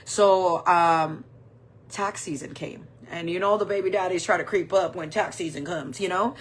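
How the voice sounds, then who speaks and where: A woman's voice: lowish voice, steady tone, moderate pace, slight background noise. A woman in her forties telling a personal story in a candid, rambling way, full of "like" and "um". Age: 40s. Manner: rambling, candid, heavy use of "like" and "um". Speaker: makeup vlogger.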